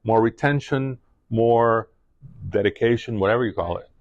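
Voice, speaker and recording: A middle-aged man speaking to a class, telling a personal story in a halting way full of restarts and fillers. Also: medium pitch, dry recording, lo-fi sound. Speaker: guest speaker.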